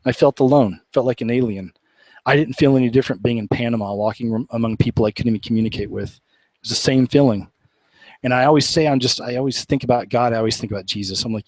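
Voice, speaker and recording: A man's voice: mid-range voice, fast, darkish tone, no room sound, rough recording. A man from Oklahoma, hosting a live show in a casual, rambling, earnest way and laughing often. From Oklahoma, USA. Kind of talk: casual live-stream chat.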